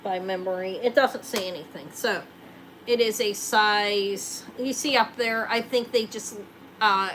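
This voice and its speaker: A woman's voice: medium pitch, a little slow, a bit bright, slight background noise, rough recording. A woman hosting a live jewelry sale, chatting casually and joking while she shows rings.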